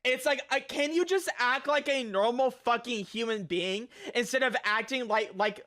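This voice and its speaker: A young man streaming a reaction video, ranting with lots of swearing and frequent shouting. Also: very high-pitched, normal speed. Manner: loud, profane, frequently shouting.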